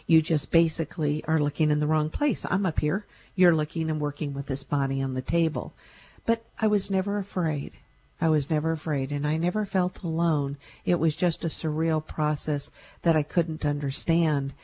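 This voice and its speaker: A woman tells her own story in a warm, somewhat breathy voice, earnest and reflective, with touches of dry humor. The recording sounds a bit muffled and lo-fi. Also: low-pitched. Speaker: storyteller recounting a near-death experience. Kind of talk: personal storytelling.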